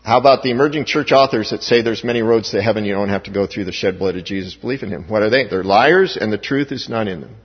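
A man's voice: fairly low pitch, quick pace, few pauses, husky. A man preaching a sermon as pastor, with emphatic rising stresses and frequent restarts. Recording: dull, echoey hall recording.

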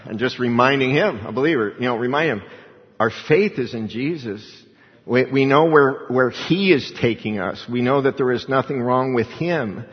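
A man's voice: medium pitch, moderate pace. A middle-aged man giving an informal Bible teaching, talking conversationally and reading scripture aloud. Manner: conversational, reads scripture aloud, chuckles often. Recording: dull sound with long hall reverb.

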